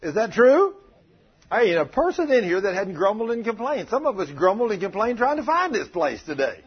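A man preaching a sermon, calling out to his congregation and acting out prayers in an animated way. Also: sits high, a little fast, muffled recording.

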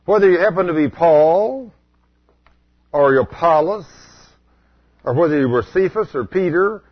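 A man preaching a storytelling sermon in a folksy way, asking the congregation questions and rising to loud exclamations. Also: fairly high pitch, animated, unhurried, slightly rough, lo-fi sound.

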